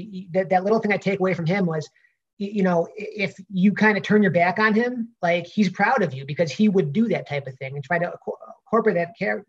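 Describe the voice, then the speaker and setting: A man's voice: high voice, lo-fi sound. A man with a Brooklyn accent, a pro wrestler answering interview questions in a rambling way with many fillers and restarts.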